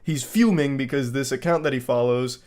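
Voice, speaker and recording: A man's voice: medium pitch, normal speed, a little mellow. A man reading text messages aloud and mocking them in dry, sarcastic comedy commentary, swearing freely. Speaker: commentary host.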